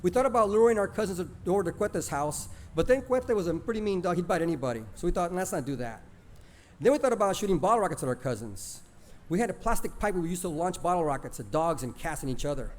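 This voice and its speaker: A man's voice: sits high, animated, fast, darkish tone. A man telling a childhood story plainly, dropping in Spanish words. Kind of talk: oral storytelling of a childhood memory.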